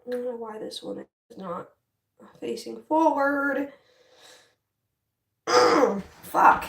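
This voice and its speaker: A young woman with a fairly high voice livestreams while styling her hair, chatting casually with viewers and getting frustrated enough to swear. Her intonation is lively, with drawn-out words, vocal fry, frequent pauses and a slightly bright tone. She sits away from the mic in an echoey room.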